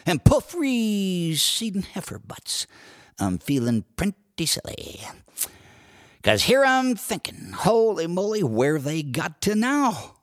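A man reciting cowboy poetry and singing, with a lively drawl. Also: slow pace. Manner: lively drawl with broad swings of pitch. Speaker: cowboy poet and singer. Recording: dry studio recording with guitar.

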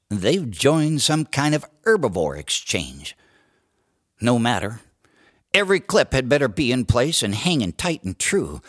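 A man reciting a humorous cowboy poem with an expressive storytelling delivery. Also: medium pitch, no room sound, clean studio sound. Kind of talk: dramatic poetry recitation.

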